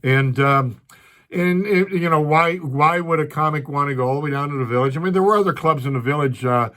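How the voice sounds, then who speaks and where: In this storytelling clip, an older man who does stand-up rambles through tales of his career, often restarting and drifting into asides. He speaks fairly quickly in a higher-than-average, somewhat bright voice.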